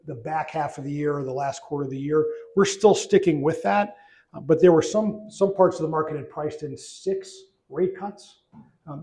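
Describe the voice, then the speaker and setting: A man's voice: on the high side, mellow. Man giving a chatty luncheon speech. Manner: conversational, many restarts and fillers. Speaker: trade association chief executive. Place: banquet room.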